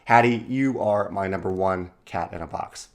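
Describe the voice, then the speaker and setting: A man casually talking to camera in a video, speaking fondly with frequent fillers and restarts. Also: deep voice. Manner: halting, many restarts and fillers, affectionate. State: briefly emotional, voice catching. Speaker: board game publisher vlogging. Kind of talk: casual unscripted video talk.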